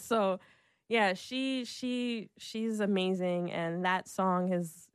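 A woman's voice: medium pitch, slow, clean tone, no room sound, clean studio sound. A young adult woman telling a personal story in casual chat, acting out what everyone said and saying "like" a lot. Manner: animated, acts out quotes, lots of "like".

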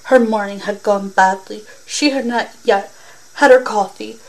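A woman podcaster reading a short story aloud in a plain, steady way with small slips. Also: medium pitch, a little slow, low-quality recording.

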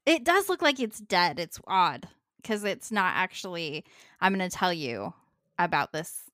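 Calm woman co-hosting, dry sound. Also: lowish voice, measured pace, no room sound. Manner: calm, reassuring, chuckles often. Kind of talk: casual chat reacting to a video.

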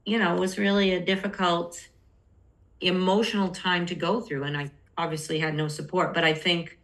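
A woman's voice: fairly low pitch, level tone, moderate pace, fairly bright tone. A middle-aged woman, a podcast guest, telling her personal story candidly and acting out the voices of people she quotes. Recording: roomy echo.

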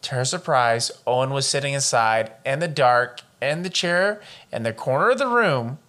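Lively intonation and a sharp tone mark this man's mid-range voice as he co-hosts a podcast at a moderate pace. Walking through a true-crime case in casual conversation, he swears, jokes, and wanders off on tangents.

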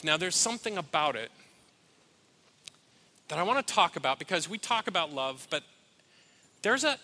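A man's voice: fairly high pitch, sing-song, normal speed, pauses often, pushed and bright. A middle-aged man, a pastor, giving a sermon in a heartfelt, storytelling way with asides to the congregation.

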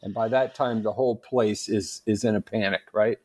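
A man as a guest on a podcast interview, an animated storyteller who laughs often. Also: lowish voice, normal speed. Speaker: guest, Catholic apologist.

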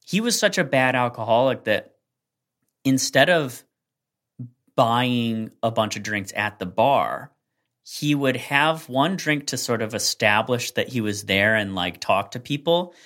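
A man's voice: medium pitch, a little slow. Rambling man telling a bar story. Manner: rambling, animated storytelling with many fillers. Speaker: podcast co-host. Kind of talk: casual storytelling chat.

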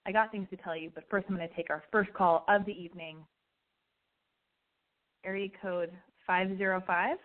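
A woman's voice: mid-range voice, fairly even intonation, normal speed, long pauses. A woman hosting a call-in podcast, brash, chatty and profane, with a slight lisp and allergy congestion. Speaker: call-in show host. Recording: tinny phone-quality sound.

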